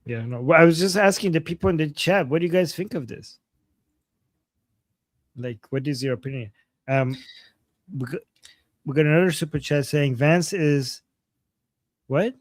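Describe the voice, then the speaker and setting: A man's voice: on the high side, moderate pace, pauses often, no room sound. Blunt, hesitant man talking politics. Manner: hesitant, restarts, blunt opinions. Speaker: political commentary co-host. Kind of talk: casual livestream opinion chat.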